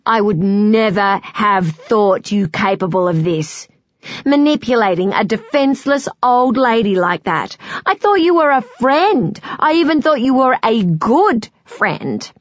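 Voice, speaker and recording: A woman voicing an angry, loud woman scolding a friend down the phone in an audiobook. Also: mid-range voice, lively intonation, moderate pace, no room sound, highs cut off, lightly acted. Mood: indignant. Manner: loud, scornful, accusing.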